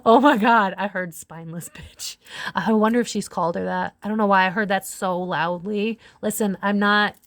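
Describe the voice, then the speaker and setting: A woman giving a psychic tarot reading to camera, talking in a blunt, profane way with sudden loud outbursts. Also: mid-range voice, steady tone, dry recording, studio quality. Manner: blunt and profane, quick swings into loud exclamations.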